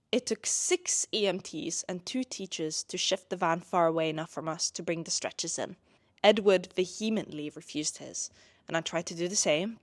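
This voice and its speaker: Chatty young woman reading a novel aloud. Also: on the low side. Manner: chatty, sarcastic asides, swearing. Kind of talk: book reading with casual commentary.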